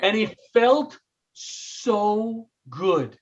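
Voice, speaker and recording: A middle-aged man with a New York accent, a comedian and retired firefighter, telling stories in an interview with lively acted-out quotes. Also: sits high, extremely slow, highs cut off. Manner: animated storyteller, acts out quotes, self-interrupting. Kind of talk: interview storytelling.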